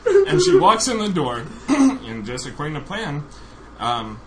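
A man's voice: sits high, wildly swooping pitch, unhurried, over a noisy crowd. A man casually telling a funny story on a podcast, laughing often as he goes. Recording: noisy recording.

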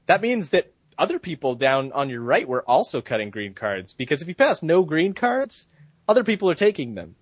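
A man's voice: on the high side, very animated, moderate pace, breathy edge, no echo. A man co-hosting a podcast, ranting in a heated, profane, casual way. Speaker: podcast co-host. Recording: dull, dry lo-fi sound.

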